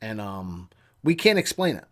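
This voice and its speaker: A channel host in his thirties tells a personal story casually and earnestly, sometimes halting and often dropping into a hush. His voice sits on the low side and is very animated.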